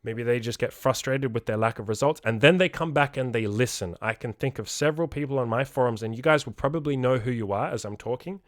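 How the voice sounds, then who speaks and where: A man's voice: mid-range voice, fast talker, hardly any pauses, no echo. Guy coaching folks on his podcast, blunt, swears a lot, repeats himself to hammer it in, dry close sound. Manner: blunt, swears freely, repeats words for emphasis. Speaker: self-improvement podcast host and coach. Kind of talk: casual podcast monologue.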